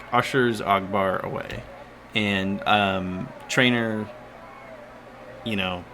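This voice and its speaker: Male game master, casual rambler, low and bright, faint noise behind. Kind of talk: narrating a tabletop game.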